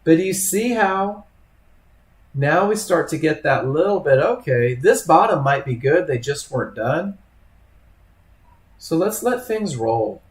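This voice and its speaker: A man's voice: on the high side, animated, measured pace, pauses often. A man leading a live trading webinar, talking casually to students by name and acting out traders' thoughts. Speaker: trading instructor. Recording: echoey room.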